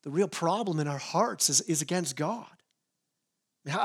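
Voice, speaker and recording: A man with a fairly high voice preaches a sermon to his church. He sounds earnest and often stumbles over repeated words as he drives a point home. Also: expressive, a little slow, pauses often, fairly bright tone, breathy edge. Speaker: pastor.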